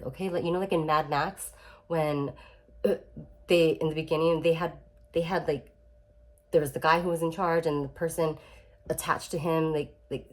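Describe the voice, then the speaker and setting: Young adult woman, low voice, casual self-help vlogger, chatty and emphatic with frequent restarts. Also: a little mellow. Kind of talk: casual talk to camera.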